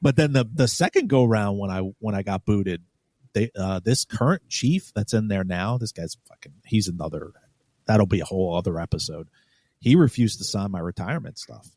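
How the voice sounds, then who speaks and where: A man's voice: on the low side, lively intonation, moderate pace, a little mellow, slightly rough, no echo, studio quality. A man from New York, a podcast co-host, telling a story bluntly and with profanity, acting out the dialogue. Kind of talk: casual storytelling.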